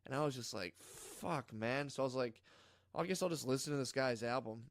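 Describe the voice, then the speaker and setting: A man's voice: mid-range voice, fast talker, no echo, studio quality. A man telling long rambling stories in casual chat, cursing often and acting out what people said. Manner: rambling storyteller, swears a lot, acts out quotes. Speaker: podcast host.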